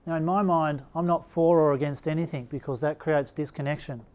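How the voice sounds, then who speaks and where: Steady and brisk with hardly a pause, this middle-aged man's voice sits fairly high in a slightly raised register and has a little mellowness and an Australian accent. Telling his own story casually, like an anecdote, he mimics whoever he's quoting.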